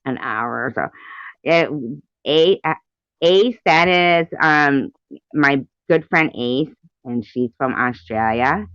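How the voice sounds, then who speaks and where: A woman's voice: a bass voice, slow, fairly bright tone, clear, resonant tone, dry recording. A woman hosting a livestream in casual chat, rambling and laughing often. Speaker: livestream host. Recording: muffled dry livestream audio.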